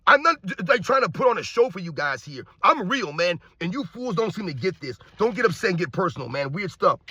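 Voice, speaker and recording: A middle-aged man ranting loudly and combatively as a sports commentary YouTuber, projecting his voice. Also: high-pitched, a little fast, slightly rough, no echo, dull audio. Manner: loud, projecting, animated, combative. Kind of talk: loud opinionated rant.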